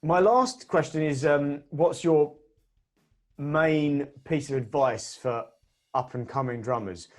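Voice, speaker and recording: A man's voice: a little high, slow. Man interviewing on a video call. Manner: relaxed, brief affirmations and friendly questions. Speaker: interviewer, drum teacher. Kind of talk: casual interview.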